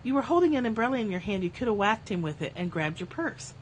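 A woman's voice: medium pitch, big pitch swings, fast, a little hiss or hum, voice pushed up, natural voice, low-quality recording. A woman voicing an exasperated spiritual teacher scolding a student in disbelief. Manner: incredulous, scolding.

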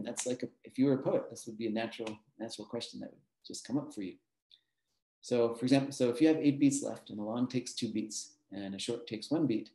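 With a dark tone and medium pitch, a mathematician works through a master class lecture. He explains patiently, often filling gaps with fillers and soft laughs; the room adds a roomy echo.

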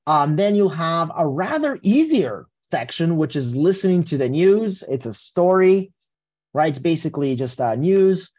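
A man's voice: a little high, animated, unhurried, darkish tone. Man, test-prep instructor, casual webinar talk, tag questions, muffled call audio. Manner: casual, tags statements with "right?". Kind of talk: webinar presentation.

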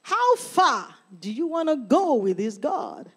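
A woman's voice: sits high, sing-song, slow. A middle-aged woman pastor preaching a sermon, emphatic and calling out to members of the congregation. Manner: emphatic, calls out to the congregation by name.

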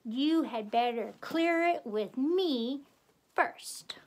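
A woman's voice: high-pitched, lively intonation, extremely slow, a little mellow, heavily acted. A woman voicing a vain, dramatic female pig star with a haughty, theatrical manner. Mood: bossy. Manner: theatrical, haughty, shrieking when angry.

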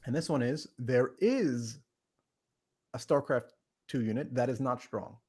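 A man hosting a podcast, explaining logic in a casual, halting way with frequent restarts and a playful tone. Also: medium pitch, a little mellow, husky. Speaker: podcast host teaching logic. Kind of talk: casual teaching on a live stream.

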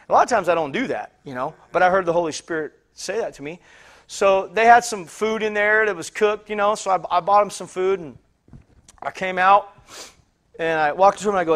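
A man's voice: high-pitched, animated, fast, a bit bright. A man preaching a sermon, telling a story in a rambling way, repeating words and acting out the voices of people he quotes. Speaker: pastor.

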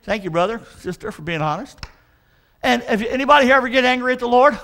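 A male pastor with a notably high voice preaches to his congregation in a church. He talks emphatically and keeps calling for answers from the pews. He slows right down to stress each line of scripture. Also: expressive, sharp tone. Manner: emphatic, call-and-response with the congregation. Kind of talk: sermon.

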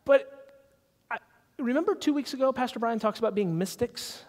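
High-voiced pastor telling a story in a church hall. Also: male voice, moderate pace. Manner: animated, confiding storyteller. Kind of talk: sermon storytelling. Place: church sanctuary. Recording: long hall reverb.

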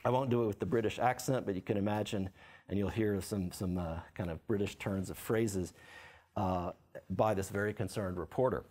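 A man giving an academic book talk as lecturer, halting with many fillers and restarts. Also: fairly low pitch, darkish tone. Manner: reads quotes aloud with lifted voice. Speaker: author and lecturer.

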